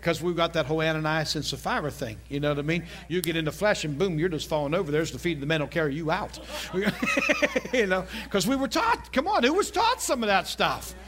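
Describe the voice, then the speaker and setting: A man's voice: a little high, big pitch swings, fairly quick, fairly bright tone. A man delivers a sermon. He talks in a loose, conversational way, cracking jokes and asking the crowd if they follow along. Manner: conversational, jokey, asks the congregation questions. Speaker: preacher.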